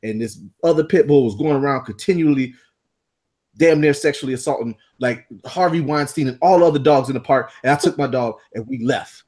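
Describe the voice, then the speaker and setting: A man co-hosting a podcast, telling a story in a casual, animated way, swearing freely and acting out the people in it. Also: mid-range voice, fairly quick. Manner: animated, profane, acts out voices. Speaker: podcast co-host.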